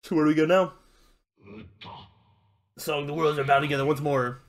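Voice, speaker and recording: A man's voice: on the high side, steady tone, normal speed, pauses often. Man reading game lines aloud. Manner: reads every character's lines himself, breaking off to react. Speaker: gameplay streamer. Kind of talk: reading game dialogue aloud while playing.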